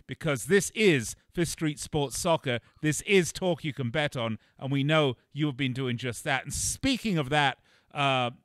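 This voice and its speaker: Smooth-voiced upbeat male radio host. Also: fairly high pitch, a bit bright, dry recording, clean studio sound. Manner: upbeat, boastful, salesy. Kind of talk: sports betting radio talk.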